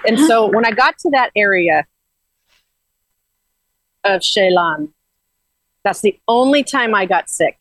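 A woman's voice: mid-range voice, expressive, slow, long pauses, a bit bright, no echo, rough recording. A woman guest earnestly recounting a spiritual journey in casual, rambling talk with frequent restarts.

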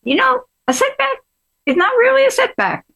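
A drawling older Southern mother hands out homespun advice in a high, lifted voice, as her daughter puts her on. She leans hard on key words and calls her listeners honey. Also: very animated, moderate pace, vocal fry, pushed and bright, exaggerated voice. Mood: folksy advising. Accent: Southern US (put on). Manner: drawling, folksy, emphatic.

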